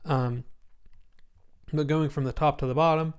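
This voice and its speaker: A man giving a casual screen-share walkthrough of a spreadsheet template, sleepy and yawning, relaxed and rambling with many ums. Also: a little high, a little slow, clear, resonant tone.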